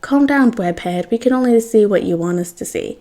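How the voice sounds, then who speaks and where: A woman's voice: mid-range voice, expressive, normal speed, mellow, lightly acted. A woman voicing a dry, drawling male vampire hunter with a British accent.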